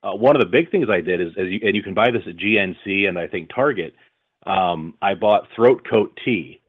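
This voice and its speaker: In a relaxed interview, a male voice-over artist and audiobook narrator speaks briskly in a lowish voice, often restarting and using fillers. The audio is thin and phone-like.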